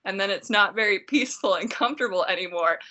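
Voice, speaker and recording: A woman who works as a dental hygienist, speaking as a guest on a podcast. Her voice is bright and her pitch sits in a middle range, and she chats easily, making fun of her own clumsy moments. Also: quick pace. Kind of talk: casual chat.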